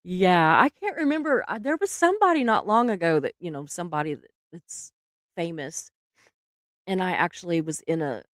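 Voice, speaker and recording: A woman's voice: lowish voice, animated, normal speed, no room sound, clean studio sound. A middle-aged woman, hosting a casual live stream, chatty and laughing often, trailing off mid-sentence.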